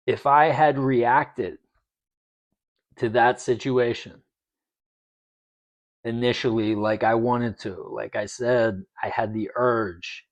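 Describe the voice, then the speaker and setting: A middle-aged man recounting a personal story in a vlog, talking in a measured way and checking in with the listener with "okay?". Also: medium pitch. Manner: slow, measured, with many "okay?" check-ins. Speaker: vlogger sharing a manifesting journey. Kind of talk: reflective personal storytelling to camera.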